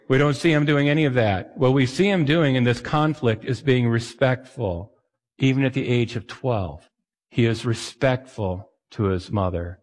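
A man's voice: mid-range voice, normal speed, big-room sound. A man preaching a sermon as a pastor, talking to his listeners in a conversational way with self-deprecating asides.

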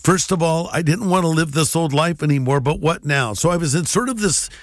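A pastor telling his personal testimony in an animated way, acting out the dialogue. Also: a little high, brisk, no room sound, clean studio sound.

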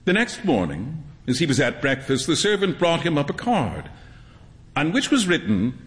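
A man's voice: fairly high pitch, moderate pace, big-room sound. A man performing a theatrical live reading of a classic short story. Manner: expressive, theatrical. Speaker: reader.

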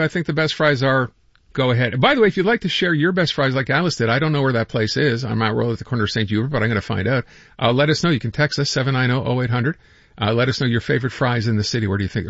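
A man hosting a radio show, quick, chatty and joking with listeners. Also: fairly high pitch, fairly bright tone, dry recording, muffled recording. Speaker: radio host. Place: radio studio.

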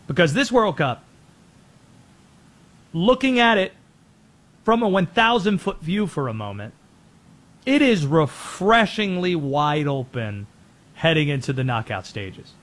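A man with a high, light voice hosts a sports talk show. He delivers brisk, opinionated commentary, rattling through players and teams in a quick list. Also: fairly bright tone.

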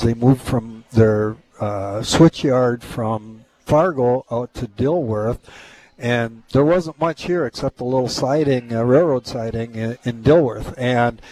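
A man talking as a guest on a radio show, explaining a local festival in a friendly, halting way with many fillers. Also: mid-range voice, a little mellow, poor audio. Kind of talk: casual radio interview.

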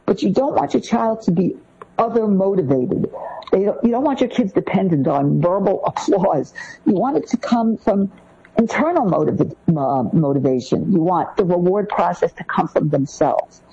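A woman co-hosting a podcast, giving parenting advice point by point in an animated way. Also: medium pitch, normal speed, husky. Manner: animated, lists points one by one. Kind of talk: podcast discussion. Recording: dull lo-fi sound.

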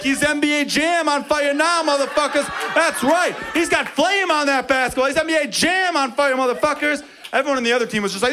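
A man telling a story in a stand-up comedy set, profane, animated and wry. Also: on the high side, a little hiss or hum.

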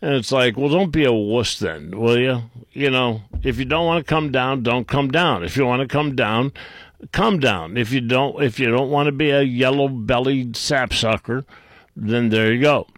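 A man hosting a call-in radio talk show, reading items aloud and mocking them in a blunt, gruff, rambling way. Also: mid-range voice, normal speed, no echo.

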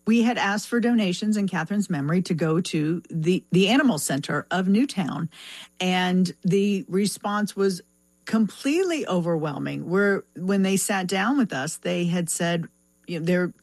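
A woman's voice: lowish voice, a little mellow, no room sound. A woman speaking as a foundation representative in an interview, reflective and full of restarts and fillers. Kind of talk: conversational interview.

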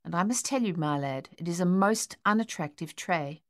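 Woman playing a worried storybook mother, low voice, hushed and pleading. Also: expressive, moderate pace, no room sound, studio quality, close to an everyday voice. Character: worried anxious mother pleading with her son.

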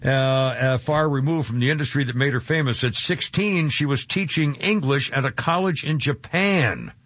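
A man's voice: mid-range voice, normal speed, a bit bright, no echo, dull audio. A man hosting a radio talk show, chatting casually in a rambling, jokey way full of hesitations.

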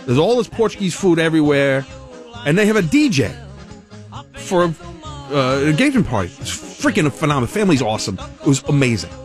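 A middle-aged man hosting a talk show, telling stories in a chatty, animated way and laughing often. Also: on the high side, quick pace, faint music behind. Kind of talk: casual talk-radio storytelling.

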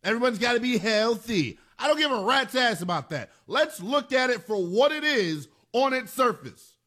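A man's voice: extremely high pitch, very animated, moderate pace, a bit bright. A man hosting a sports talk radio show, delivering an emphatic monologue and repeating phrases for punch.

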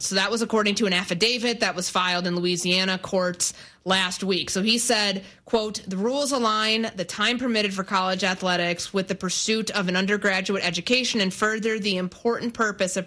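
A woman filling in as host on a sports radio show, teasing her co-host in brisk banter and reading news updates with care. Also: mid-range voice, pushed and bright. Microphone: studio microphone.

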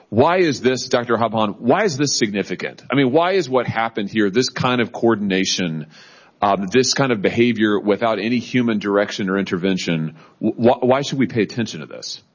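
A man chairing a formal hearing who questions witnesses in halting speech full of restarts. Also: lowish voice, lively intonation, dull audio.

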